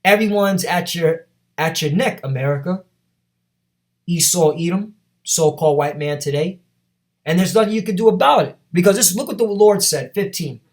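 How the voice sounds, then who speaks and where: Man, preacher, fairly high voice, emphatic, repetitive, scripture reading. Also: moderate pace, darkish tone. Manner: emphatic, repetitive, with many tag questions. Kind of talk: street sermon with scripture reading.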